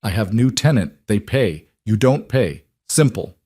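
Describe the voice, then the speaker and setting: A man's voice: fairly low pitch, expressive, unhurried, darkish tone, no echo, clean studio sound. A man voicing a cold, callous landlord with a foreign accent who speaks in blunt, clipped broken English.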